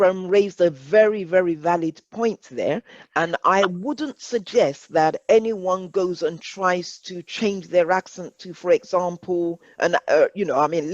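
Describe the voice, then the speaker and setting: Woman workshop presenter, English accent, unhurried, dry dull call audio. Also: fairly low pitch, no echo. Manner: measured, deliberate, repeats phrases.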